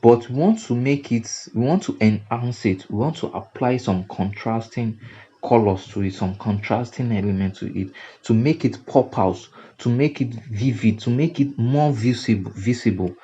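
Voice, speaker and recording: A man's voice: medium pitch, moderate pace, dark tone, breathy edge, dull audio. A man with a Nigerian English accent teaching graphic design over a screen recording, repeating and restarting phrases for emphasis. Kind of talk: screen-recorded software tutorial.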